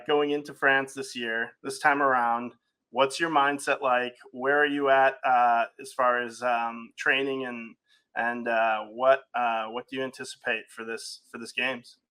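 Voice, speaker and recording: Bright-voiced man hosting, halting questions. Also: medium pitch, smooth. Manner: rambling with many "uh"s and restarts. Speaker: podcast host. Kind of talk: interview questions.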